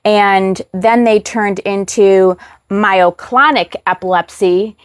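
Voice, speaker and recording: A woman's voice: mid-range voice, takes it slowly, no room sound, clean studio sound. A woman guest on a podcast who talks plainly and matter-of-factly about her own epilepsy. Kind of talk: interview conversation.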